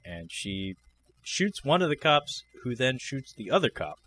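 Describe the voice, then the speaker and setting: A man co-hosting a podcast, chatting casually about a film in a relaxed, wry way, often laughing. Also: mid-range voice, measured pace, slight background noise. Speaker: podcast co-host. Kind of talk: casual film review chat.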